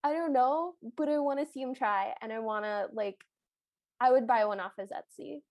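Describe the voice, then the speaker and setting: A woman's voice: fairly high pitch, normal speed, darkish tone, no echo, clean studio sound. A woman co-hosting a podcast, chatting casually and joking about an episode. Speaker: podcast co-host. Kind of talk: casual chat.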